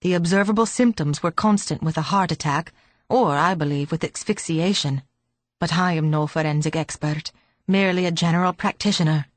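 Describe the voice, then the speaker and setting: A man's voice: a little high, fairly quick, no room sound, lightly acted. A woman voicing an earnest, courteous young male doctor who speaks in polite, formal sentences.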